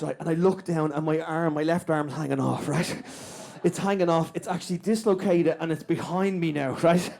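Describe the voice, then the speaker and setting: Irish man, stand-up comedian, high voice, gravelly, storytelling, keeps asking "right?". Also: a little mellow. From Ireland. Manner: rapid anecdote, tags lines with "right?". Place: small comedy venue with live audience.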